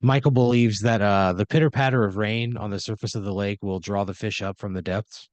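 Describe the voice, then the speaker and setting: Low-voiced man rambling through a story. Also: fairly even intonation, fairly quick, darkish tone, dry recording, dull audio. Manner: rambling, filler-heavy storytelling. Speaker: improv storyteller. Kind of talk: improvised comedy narration.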